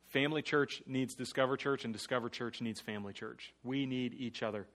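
A man preaching a guest sermon to a congregation, shifting between hushed earnest appeals and loud rallying calls, with playful jokey asides. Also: medium pitch. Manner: swings from hushed earnest pleading to loud rallying call-and-response.

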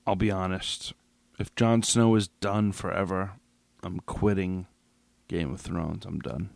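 A man's voice: sits low, steady tone, a little slow, vocal fry, a little mellow, dry recording. A man hosting a podcast, reacting alone to a TV finale in an agitated, profane, rambling way with many restarts, a little tipsy. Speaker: podcast host. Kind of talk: solo episode reaction rant.

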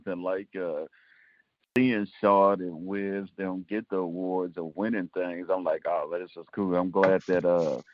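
A man's voice: fairly low pitch, no echo, muffled recording. A man guest telling rambling stories in a casual interview, full of fillers like "and stuff". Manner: rambling, storytelling with filler words. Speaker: filmmaker guest.

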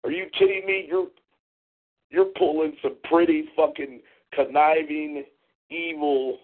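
A man hosting a talk show, ranting in a profane, mocking, confrontational way. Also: fairly high pitch. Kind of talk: angry call-in show rant. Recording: tinny phone-line audio.

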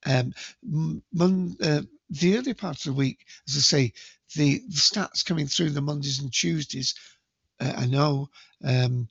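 A man with a gravelly, slightly husky voice reads news stories aloud and chats about them, stumbling over words with many ums. The recording is dry and a little dull, as if made on a modest home setup. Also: on the high side, a little slow, dry recording. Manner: hesitant, many ums and restarts. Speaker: podcast host reading the news. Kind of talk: casual news reading and commentary.

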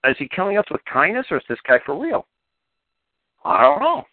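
Baffled office clerks, a man doing them, high excited voices, disbelieving chatter, thin phone-like sound. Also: a little fast, no echo. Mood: flustered. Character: flustered tax office clerks, baffled by a letter. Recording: tinny phone-like line, dry.

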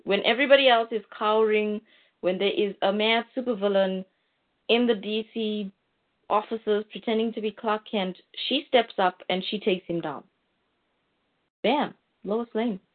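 A woman's voice: mid-range voice, moderate pace. A woman co-hosting a casual chat, talking about comics in an enthusiastic, emphatic way. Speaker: podcast co-host. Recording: tinny phone-like sound.

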